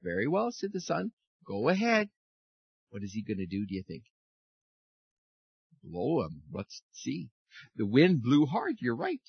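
Animated man telling children a story. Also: mid-range voice, husky, no room sound, highs cut off. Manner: animated, friendly, speaks to children. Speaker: pastor leading a children's message. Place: church.

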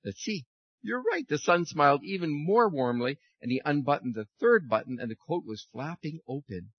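Brief: friendly pastor doing a children's sermon, lively pitch, a bit husky, dull dry sound. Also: male voice, moderate pace, no room sound. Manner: animated, friendly, speaks to children. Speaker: pastor leading a children's message. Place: church.

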